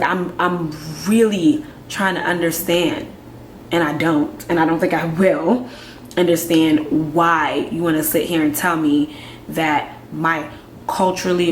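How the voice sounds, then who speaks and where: A young woman from Nigeria, talking frankly to camera in a conversational way, full of quick asides and rhetorical questions. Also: lowish voice, a little hiss or hum. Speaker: vlogger. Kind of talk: candid commentary to camera. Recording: echoey room with faint ambience.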